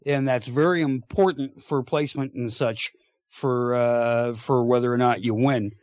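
A Canadian man with a Canadian accent hosting a casual podcast, halting with many fillers. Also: medium pitch, steady tone, a little mellow, dry recording, lo-fi sound. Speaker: podcast host. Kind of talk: casual chat.

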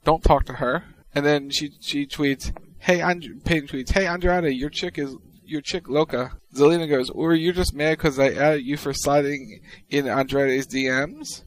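A man co-hosting a podcast, reading out tweets in casual chat with a wry, deadpan delivery. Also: on the high side, moderate pace, few pauses, low-quality recording. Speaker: podcast co-host.

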